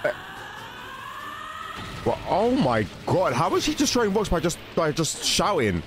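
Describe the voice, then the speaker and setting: A young man giving a casual, excited reaction commentary, often exclaiming and cutting himself off mid-sentence. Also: on the high side, a little slow, noisy background. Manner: exclaiming, self-interrupting, laughing. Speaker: reaction video host.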